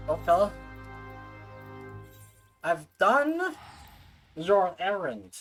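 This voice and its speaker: A woman streamer talks loosely and playfully to her viewers while she plays, joking at her own expense. Her pitch jumps around a lot, and faint music runs behind her voice. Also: lively intonation, takes it slowly, pauses often, low-quality recording. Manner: playful, self-mocking, chatting with viewers. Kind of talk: casual game streaming chat.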